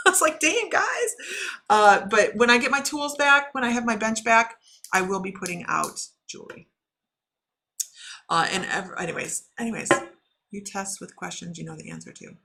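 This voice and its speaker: A woman's voice: medium pitch, vocal fry, pushed and bright. A middle-aged woman, a shaman and intuitive reader, chatting casually on a livestream, laughing often and talking to viewers by name.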